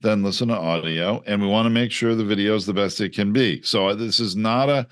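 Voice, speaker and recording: A man co-hosting a podcast who presses his points emphatically. His voice is on the low side, and it is recorded dry with no room sound. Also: a little fast, a bit bright, dry recording. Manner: emphatic, ranting. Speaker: podcast co-host. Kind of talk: casual chat.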